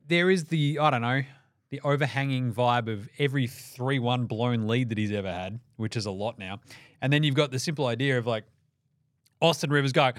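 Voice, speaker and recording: A man's voice: mid-range voice, moderate pace, dry recording. A young Australian man hosting a sports podcast, ranting in a profane, mocking way on a close mic. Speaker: podcast host. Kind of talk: casual sports rant.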